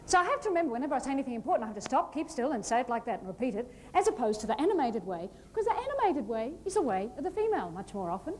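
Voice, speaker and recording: A woman giving a humorous keynote talk on stage, animated and playful, acting out little scenes. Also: high-pitched, very fast, hardly any pauses. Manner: lively, animated, playful storytelling with acted-out asides. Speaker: motivational speaker. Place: large hall before a live audience.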